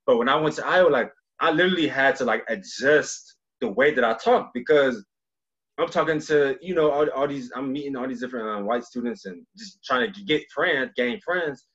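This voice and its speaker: A man's voice: mid-range voice, moderate pace, fairly bright tone, slightly rough. A man from Cleveland hosting a casual podcast interview, talking loosely with many fillers and repeats. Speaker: podcast host. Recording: dull lo-fi sound.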